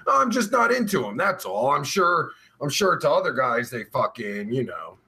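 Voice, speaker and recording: A man's voice: medium pitch, big pitch swings, moderate pace, sharp tone, husky. A man hosting a live-streamed show, reading out viewer comments in rambling, heavily profane casual chat with crude jokes. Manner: jokey and crude. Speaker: podcast host.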